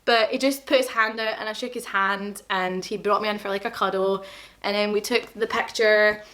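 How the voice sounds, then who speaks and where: A woman's voice: mid-range voice, steady tone, normal speed, sharp tone. Chatty Glaswegian young woman vlogger. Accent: Scottish, Glaswegian. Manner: chatty, self-deprecating, quotes people in dialogue. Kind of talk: casual storytelling to camera.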